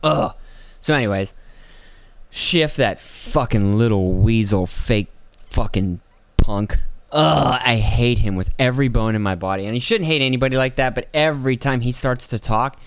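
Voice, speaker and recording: A man's voice: medium pitch, moderate pace, smooth, dry recording. Middle-aged man, podcast host, sarcastic rambling rant, swears a lot, dry close sound. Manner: profane, sarcastic, mimics people in mocking voices.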